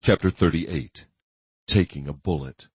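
A man giving steady, grim scripted narration of a thriller audiobook. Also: extremely low pitch, measured pace, breathy edge, no room sound.

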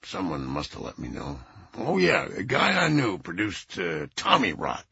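A man voicing a sardonic old music producer with a low, congested voice, on a slightly dull recording. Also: wildly swooping pitch, measured pace, creaky, sharp tone, breathy edge, heavily acted. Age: older. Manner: sardonic, scornful.

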